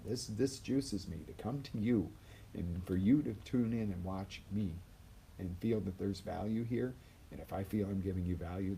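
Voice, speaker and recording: A life coach delivers a live motivational talk in a lowish voice with vocal fry. He's energetic, swinging between loud bursts and quiet asides and acting out the voices he quotes, over a slight hiss or hum.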